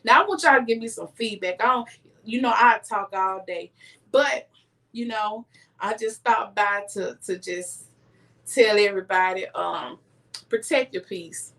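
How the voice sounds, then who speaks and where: During a casual live stream, a middle-aged woman earnestly shares life advice with her viewers. She speaks a little slowly in a medium-pitched voice with vocal fry and a sharp tone, somewhat distant from the mic.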